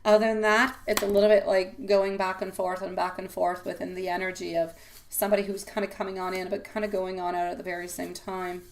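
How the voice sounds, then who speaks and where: A woman's voice: medium pitch, flat delivery, a little fast, a little hiss or hum. A woman reading tarot on a live stream, chatting with viewers and calling them sweetie and my love, rambling and repeating herself. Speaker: tarot reader.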